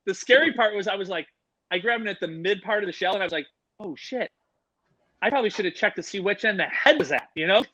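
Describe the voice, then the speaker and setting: Casting: middle-aged man, high bright voice, a lively swearing storyteller, dry close mic. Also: quick pace, no echo, highs cut off. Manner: animated, swears freely, acts out voices in his stories. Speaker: podcast guest, animal educator. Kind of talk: casual storytelling.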